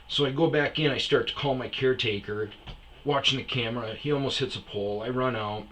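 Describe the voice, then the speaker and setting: A man's voice: medium pitch, fairly quick. A man hosting a casual storytelling show, swearing freely and acting out the dialogue. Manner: profane, animated, acts out dialogue. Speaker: storyteller host.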